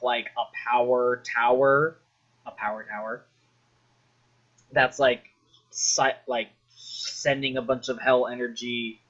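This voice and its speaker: A man's voice: mid-range voice, a bit bright, lo-fi sound. A man casually rambling about a video game he loves, full of fillers, restarts and swearing.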